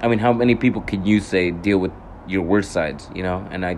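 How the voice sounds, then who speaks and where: Low-voiced young man telling a rambling, profane story. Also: fairly quick, darkish tone, slight background noise. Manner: rambling, profane, self-correcting, laughs at himself. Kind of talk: casual storytelling monologue.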